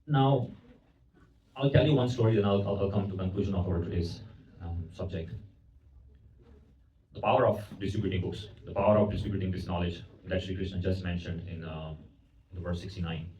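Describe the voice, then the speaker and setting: A man's voice: sits low, mellow. A man giving a devotional lecture at a temple, telling a story and asking his audience questions, often repeating words as he goes. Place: temple hall. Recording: roomy, distant, dull recording.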